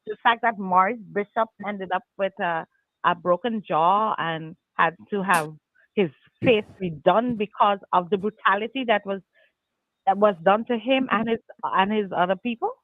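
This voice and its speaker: A woman's voice: mid-range voice, normal speed, dry recording. A woman calling into a talk show, indignant and stammering. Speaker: caller. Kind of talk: angry phone-in call. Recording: dry tinny phone line.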